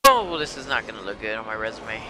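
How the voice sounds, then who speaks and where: A man commentating a horror game as he plays it, profane and excitable, often shouting at enemies. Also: fairly low pitch, quick pace. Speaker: gamer playing a horror game. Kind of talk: let's play commentary. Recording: game sound and noise behind.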